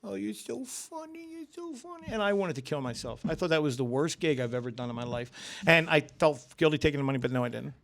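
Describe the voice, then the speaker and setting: A man's voice: mid-range voice, fast. A man, a guest comedian, telling stories on a podcast, swearing and acting out the voices of people in them. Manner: animated, acts out voices, swears freely. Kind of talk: storytelling on a podcast.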